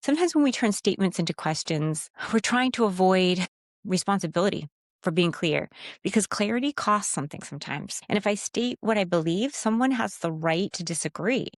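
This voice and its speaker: A woman's voice: mid-range voice, lively intonation, brisk, dry recording, studio quality. A woman giving a direct, emphatic faith-based talk on speaking with authority, sometimes acting out timid phrasings in a raised voice. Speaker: Christian speaker and coach. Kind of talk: teaching monologue on speaking with authority.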